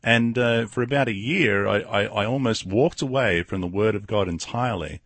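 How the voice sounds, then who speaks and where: A man hosting a talk show, speaking haltingly and repeating words as he tells of his own past. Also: fairly low pitch, a bit bright, no echo. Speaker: host. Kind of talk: casual talk interview.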